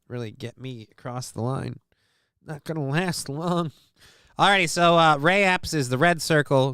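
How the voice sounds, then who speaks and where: A man's voice: a little high, a bit bright, smooth, no echo, clean studio sound. A man hosting a livestream, chatting casually, cracking crude jokes and reading chat aloud. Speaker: livestream host.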